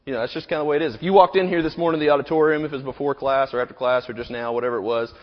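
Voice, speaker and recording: Speaking very fast with a steady, medium-pitched voice, a man in his thirties delivers a sermon built around a rambling personal story and many "you know" asides. The auditorium echoes, and the recording sounds dull.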